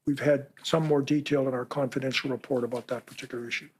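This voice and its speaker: A man from Canada answering reporters' questions at a press conference, earnest and measured, sometimes reading passages aloud. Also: mid-range voice, steady tone, a little mellow. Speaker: special rapporteur answering reporters.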